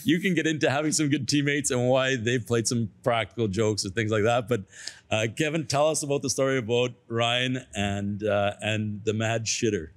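A man's voice: medium pitch, normal speed, no echo. A man hosting a webcast interview, asking his guest for stories and chuckling along. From United States. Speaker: webcast host. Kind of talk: casual interview.

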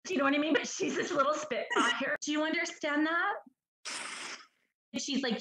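A woman's voice: sits high, animated, normal speed, a bit bright, reverberant, poor audio. A woman from British Columbia, giving a chatty psychic reading over a video call, full of "like" and "do you understand that?". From British Columbia, Canada. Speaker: psychic medium.

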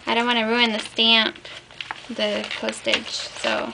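A woman's voice: fairly high pitch, fairly even intonation, normal speed. A woman chatting casually to her viewers as she opens a package, gushing and enthusiastic with frequent fillers. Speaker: crafting vlogger. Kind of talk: casual unboxing chat. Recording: clear background noise.

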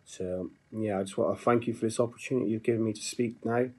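A young man with a broad Bristol accent speaks his church testimony in a lowish voice. He is earnest and halting, pausing and restarting as he searches for words. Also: fairly even intonation, darkish tone. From Bristol, England. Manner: earnest, halting, with many fillers. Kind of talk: personal testimony.

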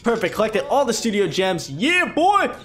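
A man with a high voice narrates his gameplay in an excitable, playful way. His pitch swings up and down as he talks. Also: normal speed, faint music behind. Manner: excitable, playful hype talk. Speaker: gaming commentator. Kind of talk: let's play commentary.

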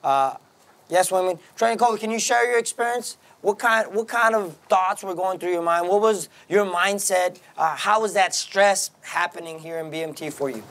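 A man teaching a military classroom lesson, brisk and commanding, often checking in with the class. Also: sits high, a bit bright. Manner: brisk, commanding, keeps asking the class "right?". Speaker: military instructor. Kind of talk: classroom lecture.

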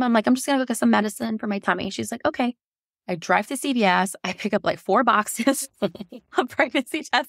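Woman, 30s, podcast guest. Animated storyteller who jumps up in pitch for quoted lines, dry close mic. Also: dry recording. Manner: animated, laughs often, acts out quotes in a higher voice. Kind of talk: casual storytelling.

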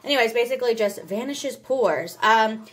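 At a moderate pace, this young woman talks her way through a home vlog in a drawl, full of fillers and meandering asides. Whenever she addresses her pets, her voice rises into a high coo.

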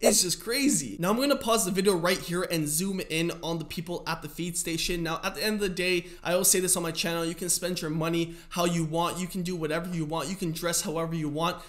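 A man's voice: a little high, quick pace, few pauses, fairly bright tone. A man hosting a cycling channel, giving chatty, amused, explanatory commentary on a video.

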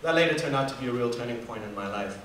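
A man's voice: medium pitch, expressive, racing, fairly bright tone, slight background noise. A young man from Namibia telling a personal story as a student speaker, earnest, with fillers and restarts. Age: 20s. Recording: echoey hall from far off.

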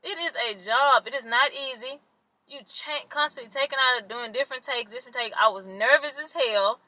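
A woman's voice: sits high, normal speed, pushed and bright, no echo, rough recording. A young woman, chatting casually to the camera in a vlog and complaining to her viewers. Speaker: vlogger.

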